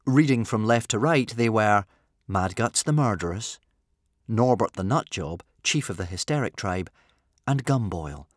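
A man reading a children's adventure story aloud in an expressive, playful way. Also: lowish voice, unhurried, no echo, clean studio sound. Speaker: audiobook narrator. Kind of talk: scripted storybook narration.

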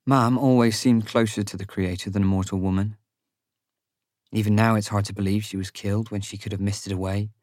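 A man narrating a fantasy audiobook in the first person, with a measured, sombre reading on a close studio mic. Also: on the low side, level tone, a little mellow, dry recording.

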